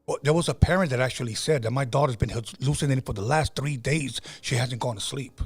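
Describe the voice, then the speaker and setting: A man's voice: medium pitch, fast talker, husky, faint music behind. A middle-aged man hosting a podcast, telling stories in a casual, conversational way with frequent fillers and restarts. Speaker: podcast host.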